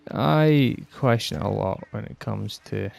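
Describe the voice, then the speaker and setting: A man's voice: fairly low pitch, slow, creaky, darkish tone, soft background music. A Scottish man ranting bluntly and rambling on a casual podcast, swearing heavily and sounding fed up. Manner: exasperated, fed-up. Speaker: podcast host.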